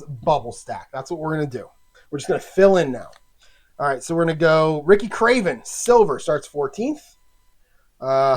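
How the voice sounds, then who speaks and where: Man, slightly high voice, casual game chatter, halting, lots of ums. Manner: chatty, self-talking, halting with many fillers. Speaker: tabletop game player. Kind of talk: casual solo game commentary.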